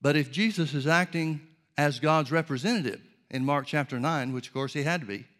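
An earnest male preacher delivering a sermon with a slightly high voice. He teaches in a measured way and often pauses to pose rhetorical questions. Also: a bit bright.

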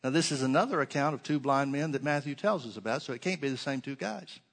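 Speaking fast at a medium pitch, a man preaches a sermon and reads scripture aloud, moving between emphatic stresses and soft, quiet asides.

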